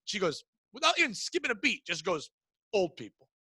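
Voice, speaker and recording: A young adult man, a podcast co-host, telling a crude comedic story, animated and acting out the people in it. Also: sits high, fairly quick, slightly rough, no echo. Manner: crude, animated, acts out voices in anecdotes.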